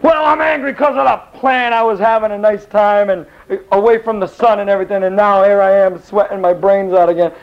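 A man's voice: high-pitched, a little fast, gravelly, few pauses, voice pushed up. A man voicing a bitter, stubborn male prophet who complains in a whiny way while retelling a Bible story. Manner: whiny complaining, then hollering. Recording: dull lo-fi recording.

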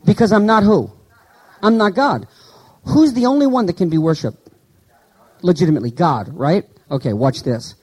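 A man preaching a sermon in a conversational way, asking his listeners questions and slowly reading out Greek words. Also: sits high, lively intonation, husky, rough recording. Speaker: pastor.

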